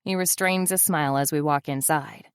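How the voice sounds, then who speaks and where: A woman's voice: sits low, normal speed, clear, resonant tone, no room sound. A woman narrating a first-person audiobook in a wry, sardonic manner, close to the mic.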